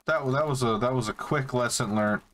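A man's voice: medium pitch, moderate pace, fairly bright tone, a little hiss or hum. A young man streaming a game, chatting casually to his viewers and swearing freely. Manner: laid-back, swears a lot, talks to viewers. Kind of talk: casual live-stream chat while playing.

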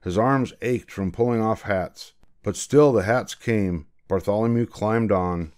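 An older man, a grandfather, reading a picture book aloud in a gentle, measured way. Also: lowish voice. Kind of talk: storybook read-aloud.

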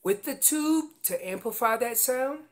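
A guest instructor teaches elk calling in an instructional demonstration, speaking in a very high voice at a slightly slow pace. Animated and emphatic like a hands-on coach, he walks through each call step by step, keeping his tone practical.

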